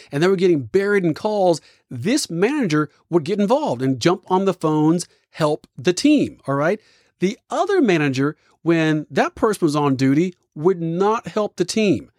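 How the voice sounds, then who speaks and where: In a dry, close-to-the-mic recording, a man with a fairly high voice gives a motivational talk on leadership. His storytelling is punchy and full of energy.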